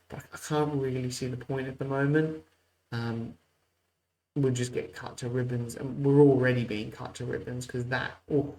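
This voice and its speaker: A man's voice: medium pitch, darkish tone, a little hiss or hum, low-quality recording. Man giving casual game commentary. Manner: mock play-by-play, muttered asides. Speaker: host.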